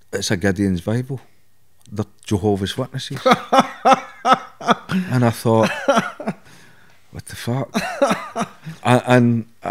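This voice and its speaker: A man's voice: lowish voice, darkish tone. A middle-aged Scottish man, a podcast guest, telling blunt stories in a candid interview, swearing and laughing at himself.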